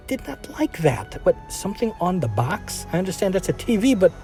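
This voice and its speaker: A man's voice: sits high, very animated, brisk, few pauses, warm tone, faint music behind. A man giving a casual, rambling film review, full of fillers, restarts and trailing sentences.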